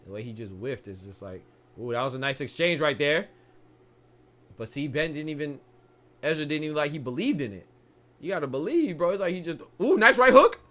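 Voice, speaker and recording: With a slightly high voice and a brisk delivery, a young man riffs on a boxing match live. He's slangy and worked up, laughing and starting his sentences over a lot.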